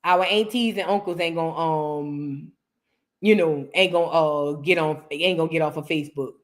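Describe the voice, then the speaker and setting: A woman's voice: deep voice, fairly even intonation, normal speed. An American woman hosting a reaction show, giving heated commentary on viewer comments and repeating her lines for emphasis. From United States.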